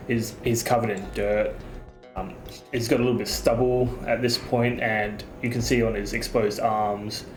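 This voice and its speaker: Australian man, low voice, running the game. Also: level tone. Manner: halting, filler-heavy narration. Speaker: dungeon master. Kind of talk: narrating a tabletop game. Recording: echoey room with faint music.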